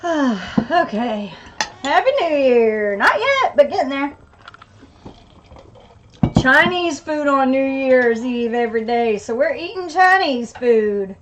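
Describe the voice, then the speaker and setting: A woman's voice: high voice, very animated, takes it slowly, background noise. A woman co-hosting a casual live stream, upbeat and laughing often as she greets viewers and reads their comments.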